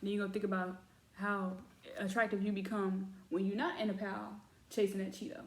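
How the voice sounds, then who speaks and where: A woman's voice: mid-range voice, flat delivery, fairly quick, reverberant. A woman giving a casual oracle card reading, talking chattily and calling her viewers y'all. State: has cramps. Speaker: tarot reader.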